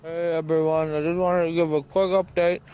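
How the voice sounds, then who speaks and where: A man's voice: fairly high pitch, flat delivery, moderate pace, darkish tone, clean tone, dull audio, soft background music. A man recording a phone voice message while groggy after anesthesia, his speech thick and slurred from a swollen tongue.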